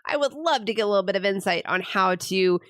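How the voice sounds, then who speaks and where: A mother co-hosting a casual parenting podcast, chatty and quick to laugh. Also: mid-range voice, lively intonation, no room sound, clean studio sound. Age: adult mother. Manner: chatty, laughs easily, rambling. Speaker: podcast co-host.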